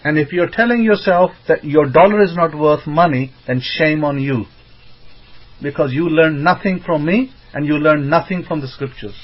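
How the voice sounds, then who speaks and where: A man giving an informal sermon as a rabbi, emphatic and rising into excited bursts. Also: fairly high pitch, moderate pace. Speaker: rabbi teaching. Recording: dull lo-fi recording.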